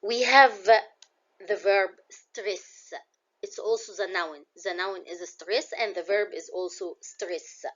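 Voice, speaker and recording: A woman's voice: medium pitch, steady tone, slow pace, a bit bright, dull audio. A woman with an Egyptian accent teaching a classroom English vocabulary lesson. She explains words in English and glosses some of them in Arabic.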